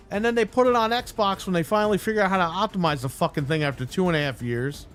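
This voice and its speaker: This live-stream rant comes from a man with a fairly high voice, racing along with hardly any pauses as faint music plays behind him. Angry and bluntly profane, he mockingly imitates the people he's complaining about.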